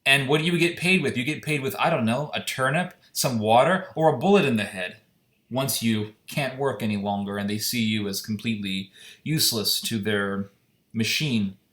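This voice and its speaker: A man's voice: medium pitch, normal speed, a bit bright. A man giving an impassioned, indignant solo opinion monologue, firing off rhetorical questions. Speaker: commentator. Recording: echoey room.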